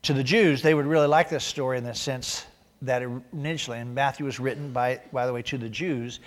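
A man preaching a sermon, reading scripture aloud and growing loud and emphatic as he drives points home. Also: medium pitch, steady tone, a little fast, big-room sound. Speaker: pastor.

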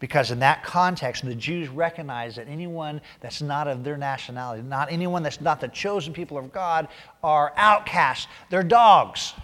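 A man preaching a sermon, reading scripture aloud and growing loud and emphatic as he drives points home. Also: on the high side, moderate pace, in a large hall. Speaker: pastor.

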